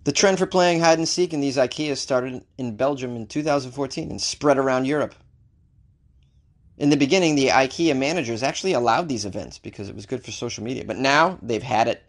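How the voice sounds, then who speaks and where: A man hosting a comedic offbeat-news segment, reading stories and throwing in animated, jokey asides. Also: medium pitch, fairly quick. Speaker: host.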